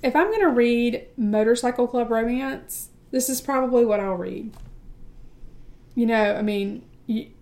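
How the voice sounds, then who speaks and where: A woman's voice: a little high, measured pace, darkish tone. A woman from the United States co-hosting a casual book chat, talking with lots of fillers and restarts. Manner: chatty, many fillers and restarts. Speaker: book podcast co-host.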